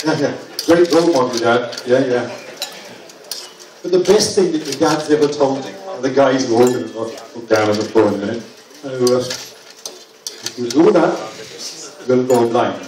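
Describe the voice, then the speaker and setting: A man's voice: medium pitch, normal speed, long pauses, noisy background. A middle-aged man doing a stand-up set, chatty and often asking the crowd for agreement, on a club stage with a handheld mic. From England. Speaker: stand-up comedian. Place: comedy club stage with live audience. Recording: echoey club, far mic, loud crowd.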